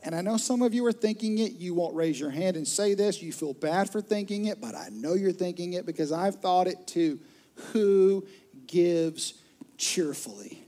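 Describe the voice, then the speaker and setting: A man preaching a sermon to his church, telling stories with lively, acted-out voices. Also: high-pitched. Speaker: pastor. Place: church auditorium with a live audience.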